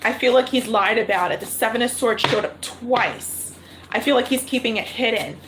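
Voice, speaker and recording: A woman's voice: on the high side, normal speed, noisy background. A woman reading tarot cards on a livestream, thinking aloud and repeating her questions to spirit. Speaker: tarot reader. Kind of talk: live-streamed tarot reading.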